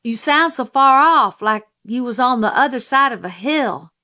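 A woman's voice: fairly high pitch, lively intonation, moderate pace, pushed and bright, pitched above the performer's own voice. A woman doing a folksy young country boy. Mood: concerned.

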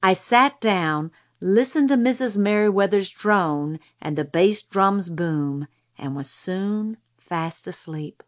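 A woman giving a measured storybook narration. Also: medium pitch. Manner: unhurried, measured reading. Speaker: audiobook narrator.

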